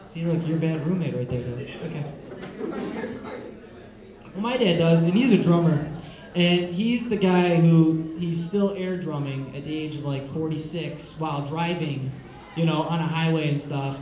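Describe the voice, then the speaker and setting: Young male stand-up, loose and excitable, high-pitched, echoey room with a crowd. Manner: rambling, excitable, loose and casual. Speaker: stand-up comedian. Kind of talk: stand-up comedy set.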